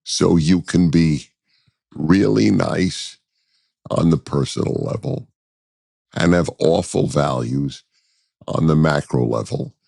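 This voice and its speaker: A man with an extremely low, gravelly voice talks at an unhurried, measured pace. He answers as a guest in an interview, deliberate and full of pauses and restarts. The sound is close and dry. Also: mellow, dry recording. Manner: deliberate, with frequent hesitations and restarts. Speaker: guest commentator.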